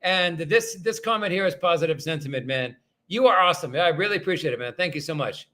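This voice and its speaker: A man's voice: on the high side, lively intonation, fast, bright, forceful tone. A man hosting a casual livestream, reading viewer comments aloud and rambling in a self-deprecating way as he thanks each viewer.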